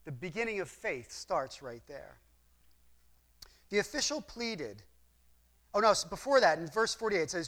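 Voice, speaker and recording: Male Bible teacher with a high-pitched voice, earnest and explanatory, asks questions of the listeners. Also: sing-song, normal speed, a bit bright. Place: room with a map display.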